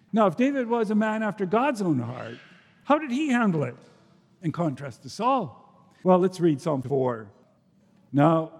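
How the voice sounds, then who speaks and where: Male preacher, high-pitched, earnest delivery with sudden hushed drops and forceful rises, long hall reverb. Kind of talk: sermon.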